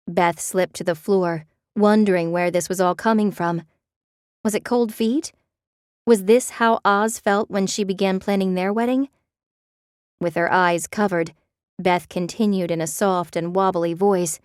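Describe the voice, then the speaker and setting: A woman narrating a romance audiobook in a measured, expressive way. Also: mid-range voice, clear, resonant tone, dry recording, clean studio sound.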